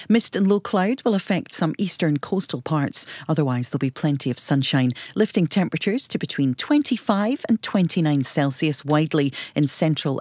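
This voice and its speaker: A newsreader reading a scripted radio bulletin and weather forecast in a measured, formal way. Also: mid-range voice, a little mellow, no room sound. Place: radio studio. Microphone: studio microphone.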